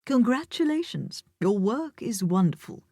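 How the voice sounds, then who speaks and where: A woman's voice: a little high, very animated, mellow, no room sound, clean studio sound, pitched above the performer's own voice, heavily acted. Woman voicing a theatrical male art collector. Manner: exaggerated, drawn-out pronunciation. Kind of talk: audiobook character voice.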